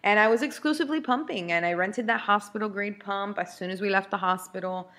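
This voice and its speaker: A woman's voice: mid-range voice, a little fast, fairly bright tone. A woman in her thirties hosting a podcast, telling a personal story in a candid, chatty way with frequent restarts. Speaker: podcast host.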